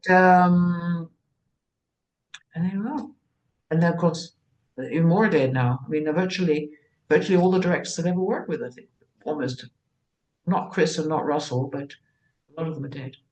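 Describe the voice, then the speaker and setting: A woman's voice: low voice, moderate pace, pauses often, a little mellow, low-quality recording. An older woman, an actress being interviewed, talking in a rambling, anecdotal way with frequent restarts. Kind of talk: casual conversation.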